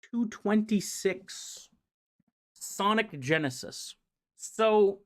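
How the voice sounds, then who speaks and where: A man's voice: high-pitched, lively intonation, slow. A man on a live stream giving a rambling, profane, casual recap of a comic series. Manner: rambling, profane and chatty, with many fillers. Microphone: streaming mic.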